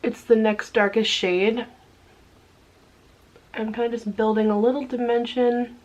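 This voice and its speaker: A woman beauty vlogger chatting casually while doing her makeup, bubbly and laughing often, dropping into hushed asides. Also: on the high side, level tone, unhurried, lo-fi sound. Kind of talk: casual get-ready-with-me chat.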